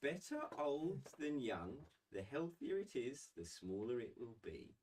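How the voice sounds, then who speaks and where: A man voicing a mischievous small child who taunts the players in a high sing-song voice. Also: very animated, a little slow, a little mellow, recorded from a distance, a little hiss or hum. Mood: teasing.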